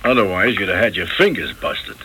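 An actor playing a slangy, smooth-talking male mob messenger in radio drama style. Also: low-pitched, expressive, a little fast, pushed and bright, exaggerated voice, poor audio. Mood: sly. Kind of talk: 1970s radio drama acting.

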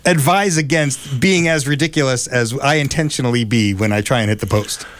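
A man hosting a radio show, chatty and quick to laugh as he asks his guests questions. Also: medium pitch, a bit bright. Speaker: radio host. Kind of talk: casual chat.

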